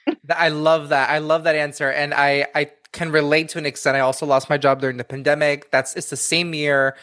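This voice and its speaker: An interview host with a middle-pitched voice who reacts with warm affirmations and follows up with open questions about the guest's experiences. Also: level tone, fairly quick, dry recording, studio quality. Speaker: podcast host. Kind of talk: interview chat.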